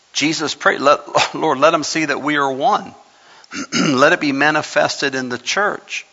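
A man's voice: mid-range voice, bright, forceful tone. A man preaching a sermon as pastor of his church, climbing in intensity and shifting pace for emphasis. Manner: preaching with rising intensity, speeding up and slowing down for emphasis. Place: church sanctuary. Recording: muffled recording with long hall reverb.

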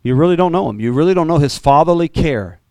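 A man preaching a sermon as pastor, animated, with sudden jumps in pitch and repeated words. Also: quick pace, no echo.

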